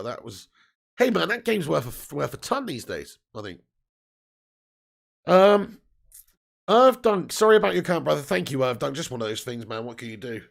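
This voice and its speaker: A man in his thirties hosts a live football watch-along stream, chatting casually and reading out viewer messages. His voice has a heavy gravelly fry and sits a little high for a man. He laughs often and swears freely.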